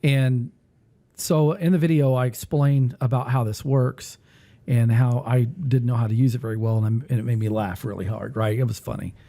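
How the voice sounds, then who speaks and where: A man hosting a casual talk who rambles and thinks aloud while he clicks through music software. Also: medium pitch, steady tone, moderate pace, vocal fry. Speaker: music teacher and podcast host.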